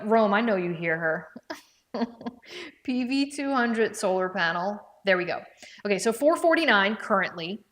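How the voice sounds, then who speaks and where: A woman's voice: medium pitch, fairly bright tone. Chatty woman hosting a live stream. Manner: chatty, talks to viewers by name and reads out comments; thinks aloud while checking prices, with restarts. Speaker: livestream product presenter. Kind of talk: casual live-stream chat. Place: indoors at home with her dog.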